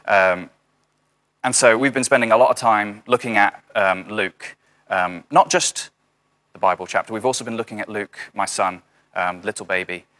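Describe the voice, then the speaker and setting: A man's voice: lowish voice, moderate pace, sharp tone. A young man giving an informal sermon over a video call, chatty, with many fillers and dry jokey asides. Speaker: house church speaker.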